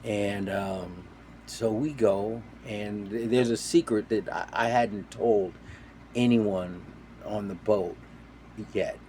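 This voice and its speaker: A man casually telling a story, animated, jumping between loud quoted voices and quiet asides. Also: fairly low pitch, slow pace, a little hiss or hum. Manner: animated, acts out quoted voices with sudden loud and soft swings. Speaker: storyteller on a talk show.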